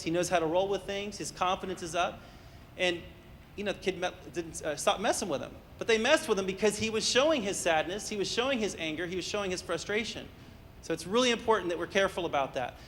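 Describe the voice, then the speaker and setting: A man with a high voice counsels parents in a live workshop, telling anecdotes and acting out the voices in them as he goes. He keeps checking in with the audience and asking them questions. His voice rings with long reverb in a hall, with faint room noise underneath. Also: fairly bright tone. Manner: storytelling, acts out quoted voices, asks the audience questions. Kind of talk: interactive talk to an audience.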